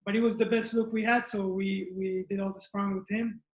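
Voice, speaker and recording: A man's voice: high voice, little pitch movement, brisk. A man, a fighter answering interview questions in plainspoken short phrases. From Israel. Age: 20s. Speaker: mixed martial arts fighter. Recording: echoey room.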